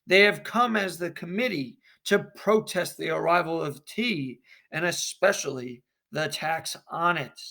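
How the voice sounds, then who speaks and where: A history teacher explaining a lesson to his class at a slow, unhurried pace. His voice is bright and clear with a gravelly edge, and he narrates scenes and gives instructions. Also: a little high.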